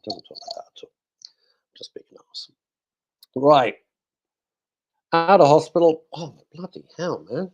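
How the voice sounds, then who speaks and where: A man's voice: medium pitch, expressive, unhurried, highs cut off. A male radio host chatting casually in a studio, cracking jokes and reading out listener messages. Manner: jokey, rambling, talks to himself.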